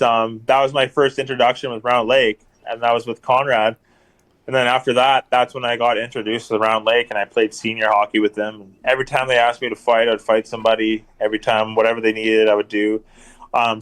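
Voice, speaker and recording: A man's voice: mid-range voice, fairly bright tone. Rambling man telling hockey stories. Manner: rambling, lots of ums and repeats. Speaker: podcast guest, hockey enforcer. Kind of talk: casual storytelling chat.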